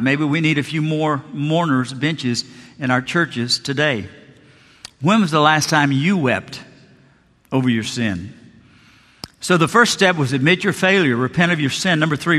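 A man's voice: on the high side, fairly bright tone, long reverb tail. A male pastor preaching a sermon in a church, telling Bible stories earnestly and acting out the quotes. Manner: earnest storytelling, acts out biblical quotes.

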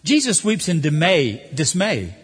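A man preaching a sermon, animated, acting out the voices of the people he quotes. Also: a little high, unhurried, husky. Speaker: pastor. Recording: hall reverb.

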